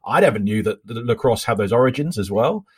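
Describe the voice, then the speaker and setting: A man who is a comedian and writer, chatting casually as a podcast guest with quick self-interrupting speech. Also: mid-range voice, expressive, breathy edge. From Britain. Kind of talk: casual chat.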